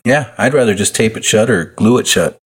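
A man's voice: fairly low pitch, expressive, fairly quick, husky. A man chatting as a podcast guest, dry and matter-of-fact. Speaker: guest, retired wrestler. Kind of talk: casual chat.

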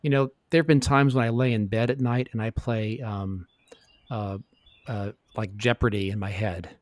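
A man's voice: on the low side, steady tone, moderate pace, dry recording. A middle-aged man speaking as a guest in a casual interview, telling his story in an earnest, reflective way. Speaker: podcast guest.

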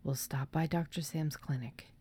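A woman's voice: low-pitched, steady tone, normal speed, warm tone, husky. A woman voicing a weary, stern older brother in a spooky story.

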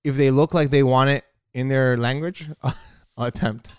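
A man's voice: medium pitch, fairly even intonation, measured pace, clean tone, dry recording. A man co-hosting a podcast, laid-back and chatty, laughing often and saying "like" a lot. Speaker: podcast co-host. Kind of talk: casual chat.

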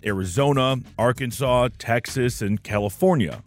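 A man from Metro Detroit with a Michigan accent, hosting a news podcast in scripted narration with an expressive delivery. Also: medium pitch, moderate pace, faint music behind. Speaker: podcast host.

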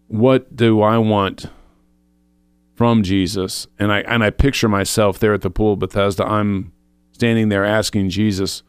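A man's voice: lowish voice, steady tone, unhurried, smooth, no room sound. A man co-hosting a faith show, earnestly retelling a personal spiritual experience, quoting his own thoughts aloud with frequent restarts. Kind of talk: personal testimony in casual chat.

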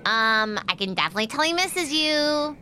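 A bubbly, jokey woman with a high, bright voice that swings widely in pitch. She plays her character in a casual tabletop game, with faint noise behind her. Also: animated, normal speed. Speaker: player. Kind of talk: tabletop role-play, casual.

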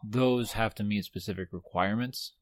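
A man's voice: on the low side, moderate pace, dry recording. A man hosting a casual whiskey-tasting chat, joking and chatty. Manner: joking, chatty, self-deprecating. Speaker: podcast host.

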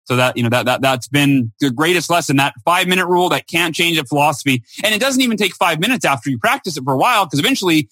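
A man with a high, bright voice tells his story in an interview. He speaks emphatically and acts out the quoted lines with lively shifts, recorded close and dry. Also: fast, hardly any pauses, dry recording. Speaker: guest speaker and author.

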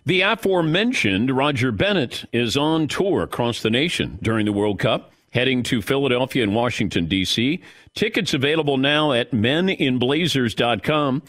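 A man hosting a sports talk radio show, chatting in a relaxed, conversational way. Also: mid-range voice, normal speed, no echo, studio quality.

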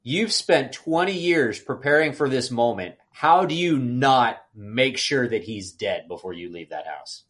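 Lively man dissecting a movie plot. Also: medium pitch, a little slow, few pauses. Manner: animated, acts out scenes in raised voices. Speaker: podcast co-host. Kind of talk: casual movie review chat.

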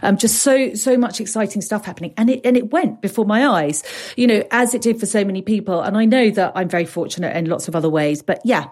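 A woman's voice: medium pitch, fast talker, darkish tone. Woman, fifties, podcast co-host, eager conversational delivery that trips over its own restarts. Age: 50s. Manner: enthusiastic, restarts words often. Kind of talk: casual podcast chat.

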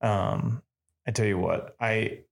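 Gravelly low-voiced male podcast host. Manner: earnest, halting, repeats words as he gathers thoughts. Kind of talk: casual interview chat.

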